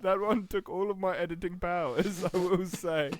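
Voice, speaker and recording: A man's voice: high-pitched, steady tone, normal speed, a little hiss or hum. A man co-hosting a podcast, teasing his partner, giggling and sounding sceptical. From England. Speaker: podcast co-host and editor. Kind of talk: casual podcast banter.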